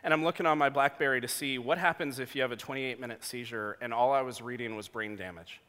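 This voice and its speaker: A man in his thirties preaching a sermon, telling a personal story with jokey asides, going from hushed to loud. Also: mid-range voice, fast talker. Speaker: pastor. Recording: long hall reverb.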